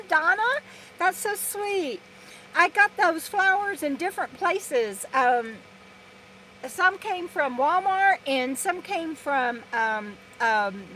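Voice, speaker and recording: A woman's voice: high voice, a little hiss or hum, rough recording. A woman from Texas, chatting casually on a live stream from inside her RV and rambling through viewer comments. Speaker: vlogger hosting a live stream. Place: inside her RV in a parking lot. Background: loud trucks passing.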